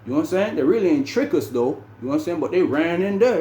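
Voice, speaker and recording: Man, casual storytelling vlog, slangy and animated, mellow tone, echoey room, faint background hum. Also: on the high side, fast. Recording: roomy room with faint ambient noise.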